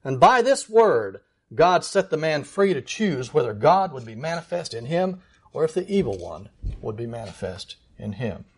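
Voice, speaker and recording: A man preaching a sermon in an earnest, emphatic way, slowing down to stress key words. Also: medium pitch, big pitch swings, breathy edge.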